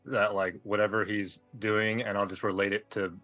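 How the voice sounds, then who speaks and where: A man's voice: lowish voice, little pitch movement, moderate pace, pushed and bright. A man playing a tabletop game, talking in an offhand, rambling way. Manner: offhand, mumbling asides. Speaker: player. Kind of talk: casual chat. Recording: clear background music.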